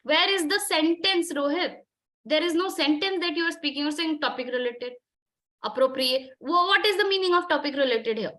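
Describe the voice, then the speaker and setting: An Indian woman runs a communication skills class and keeps pressing her students to speak clearly. Her voice sits high and sounds bright and clear, and she slips between English and Hindi as she questions them. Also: moderate pace. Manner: probing, insistent questioning, mixing Hindi and English. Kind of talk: online group discussion coaching.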